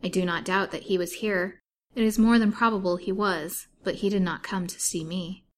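A woman's voice: mid-range voice, fairly even intonation, normal speed, a little hiss or hum, lightly acted. A woman reading aloud in the voice of a weak, bitterly wronged young wife, earnest and pleading.

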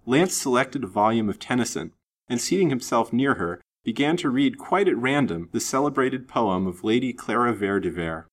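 A man narrating an old-fashioned novel in a measured, expressive reading. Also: mid-range voice. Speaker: storyteller. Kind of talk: storybook narration.

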